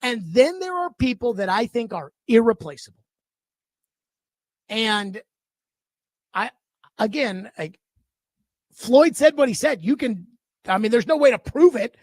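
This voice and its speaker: A man hosting a sports radio talk show, ranting in an animated, emphatic and indignant way into a studio microphone. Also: very high voice, a little slow, pauses often, no echo.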